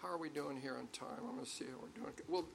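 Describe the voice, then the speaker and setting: A man's voice: fairly high pitch, expressive, fast talker, creaky, a crowd in the background. An older man preaching a sermon to a congregation, talking conversationally with stories and then building to emphatic peaks. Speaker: pastor.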